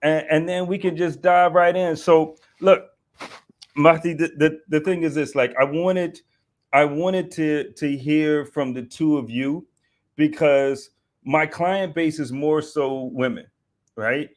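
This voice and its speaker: A man's voice: on the high side, fairly even intonation, slow pace. A man hosting an online discussion who rambles, restarts his sentences and banters easily with his guests. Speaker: host.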